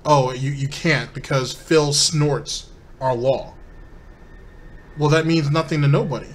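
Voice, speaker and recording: A man hosting a reaction-commentary show. His voice sits a little high, and he talks in a sarcastic, mocking way, breaking into scornful asides and speaking straight to his audience. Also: steady tone, unhurried. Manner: sarcastic and mocking, addresses viewers. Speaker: commentary channel host.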